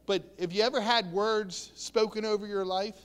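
A man's voice: high-pitched, fairly even intonation, moderate pace, fairly bright tone, smooth. A man preaching an earnest sermon, repeating and restarting words and acting out quotes, recorded in a reverberant hall.

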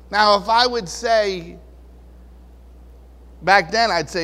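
A man's voice: high-pitched, expressive, unhurried, long pauses, fairly bright tone. A man preaching a casual, conversational sermon, chuckling often and acting out the voices he quotes. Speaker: pastor. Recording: long reverb of a large hall.

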